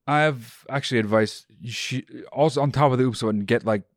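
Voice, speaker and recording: A man's voice: mid-range voice, fairly quick, no room sound, studio quality. A man co-hosting a casual podcast, giving earnest advice and teasing his co-host.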